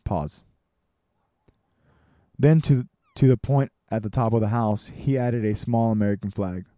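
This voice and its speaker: A man reading a personal story aloud, measured and with dramatic pauses. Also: on the low side, dark tone, dry recording, clean studio sound.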